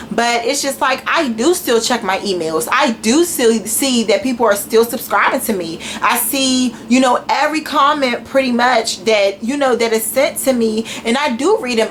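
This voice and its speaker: A woman's voice: fairly high pitch, a bit bright, slight background noise, poor audio. Blunt, profane D.C. woman. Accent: Washington, D.C. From Washington, D.C. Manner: blunt and profane, with a slangy mixed urban delivery. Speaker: YouTuber. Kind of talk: casual rant to camera.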